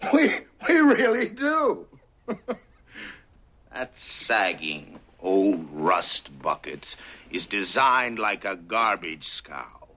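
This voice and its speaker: A taunting alien warrior. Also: male voice, medium pitch, fairly bright tone, exaggerated voice. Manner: taunting, mimics a Scottish accent. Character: mocking swaggering male alien warrior. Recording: dull lo-fi TV audio.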